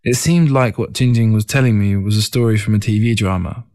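A man narrating a first-person story in a calm, reflective audiobook reading. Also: fairly low pitch, brisk.

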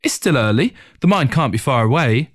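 A man reading aloud and voicing a tired, curious young man who speaks softly, in an audiobook story. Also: medium pitch, animated, a little fast, husky, pitched above the performer's own voice.

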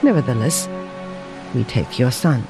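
Storybook customs officer, firm and official, a bit lower and dry, as a male reader plays him. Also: sing-song, measured pace, over music.

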